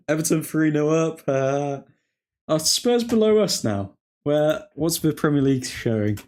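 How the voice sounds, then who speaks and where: A man's voice: on the high side, big pitch swings, a little slow, a little mellow. Joking man hosting a football stream. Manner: rambling and jokey, laughing often, mock French phrases. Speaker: watchalong stream host. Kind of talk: casual live-stream chat.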